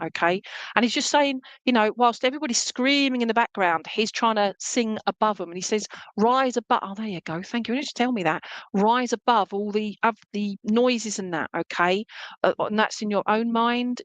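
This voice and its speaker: A woman gives a live clairvoyant reading for an online church service, talking in a chatty, lively way. She keeps checking in with her listener and passes on a spirit's jokes. Her voice sounds dry and close, with no room around it. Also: mid-range voice, no echo, low-quality recording. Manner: chatty, keeps checking in with "okay?" and "all right?"; relays a spirit's words in a lively, joking way. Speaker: spiritualist medium.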